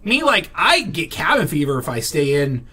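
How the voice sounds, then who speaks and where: A man's voice: fairly high pitch, big pitch swings, moderate pace, bright, forceful tone, breathy edge. A man vlogging in a casual, rambling way, full of fillers and restarts, blunt and irritated as he vents and swears now and then. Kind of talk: casual venting to camera.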